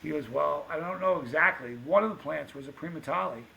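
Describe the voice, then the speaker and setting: A man spinning a long anecdote with lively energy, acting out both sides of each exchange. His voice sits a touch high and has a bright, gravelly edge. A faint hiss of room noise lies under the recording. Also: fairly quick, lo-fi sound. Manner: animated anecdote-teller, acts out quoted dialogue. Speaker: podcast guest, pepper show host. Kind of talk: casual storytelling.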